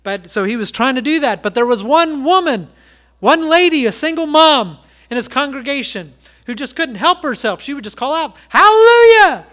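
A man's voice: very high voice, animated, moderate pace, fairly bright tone. A man preaching a sermon as pastor, telling a story and repeating emphatic calls to his listeners. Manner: emphatic, repetitive exhortations, storytelling.

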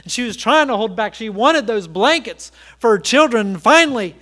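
A man's voice: extremely high pitch, lively intonation, moderate pace, a bit bright. A man preaching a sermon as pastor, telling a story and repeating emphatic calls to his listeners. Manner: emphatic, repetitive exhortations, storytelling.

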